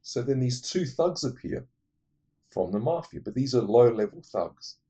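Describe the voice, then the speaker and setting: A man's voice: mid-range voice, lively intonation, moderate pace, mellow, husky. A man casually retelling a movie plot for his film-ranking vlog, digressive, blunt and profane. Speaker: movie list vlogger.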